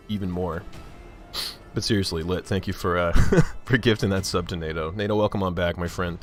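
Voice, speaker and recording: A man's voice: deep voice, normal speed, soft background music. A man streaming live, chatting casually with viewers in a joking, profane and self-mocking way.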